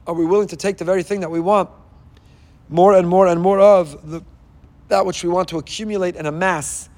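Rabbi guy preaching hard, kinda high voice, lots of questions, long echo in the hall. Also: a little mellow. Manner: impassioned, rhetorical questions, Hebrew phrases. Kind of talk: sermon.

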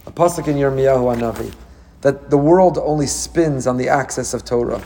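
A man giving a sermon as a rabbi, animated and full of rhetorical questions, with Hebrew terms mixed in. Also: medium pitch, a little fast, a little hiss or hum.

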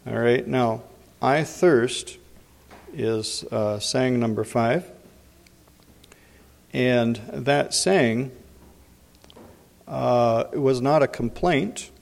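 A man giving Bible teaching in an unhurried way, pausing often with fillers. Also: medium pitch, vocal fry. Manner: unhurried, frequent pauses and fillers. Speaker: preacher. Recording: long hall reverb.

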